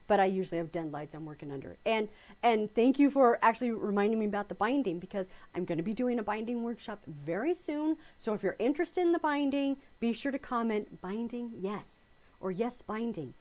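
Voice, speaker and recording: A chatty middle-aged quilting teacher spins stories on her live stream, breaking into frequent laughter and reading viewer comments aloud. She speaks in a mid-range voice with a darkish tone.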